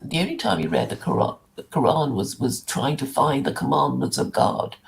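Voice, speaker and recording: A woman's voice: a bass voice, animated, moderate pace, gravelly, a little hiss or hum. A woman in casual chat on a stream, teasing and laughing often.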